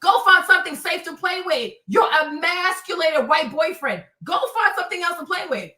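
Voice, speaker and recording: High, bright-voiced woman ranting profanely. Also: lively intonation, normal speed, reverberant, far from the mic. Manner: profane, confrontational, mocking. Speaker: livestream host. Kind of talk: heated livestream rant at commenters.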